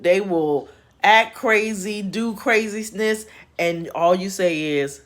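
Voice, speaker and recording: A woman's voice: on the low side, animated, a little slow. A woman hosting a casual spiritual chat from home, folksy and chatty with laughing asides. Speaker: host. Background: home repair noise.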